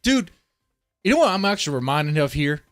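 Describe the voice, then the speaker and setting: A man's voice: a little high, very animated, fairly quick, a bit bright, no echo, faint music behind. Profane rambling male streamer. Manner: profane, rambling, addresses chat directly. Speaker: streamer reacting to a video. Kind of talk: casual live-stream commentary.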